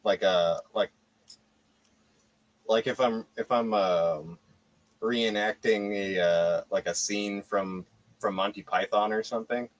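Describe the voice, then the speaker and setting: A curious American man who asks questions hesitantly, with lots of "like" and restarts. His voice is medium-pitched and sounds dry and close. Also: slow, pauses often, no room sound. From United States. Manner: curious, hesitant, many fillers. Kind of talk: casual chat.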